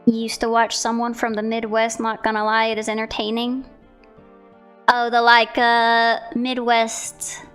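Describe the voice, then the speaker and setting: A woman's voice: on the high side, completely flat delivery, measured pace, a bit bright, smooth, faint music behind. A young woman streamer chatting casually about viewer art, rambling with giggles and self-corrections. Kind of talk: casual chat.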